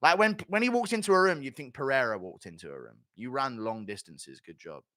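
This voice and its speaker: Lively, bright-voiced mocking man. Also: medium pitch, brisk, dry recording. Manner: profane, mocking, laughs often at his own jokes. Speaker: MMA commentator and streamer. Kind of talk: casual commentary rant.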